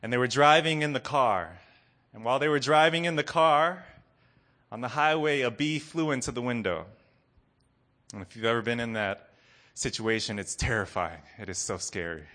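A man preaching a sermon to a congregation, earnest, dropping to soft low lines and rising to loud ones. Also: moderate pace, pauses often. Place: room with a congregation.

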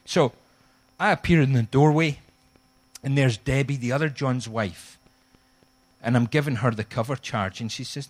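A middle-aged man preaching a sermon, telling a humorous story with animated, acted-out quotes. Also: medium pitch, normal speed, breathy edge. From Scotland. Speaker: guest pastor.

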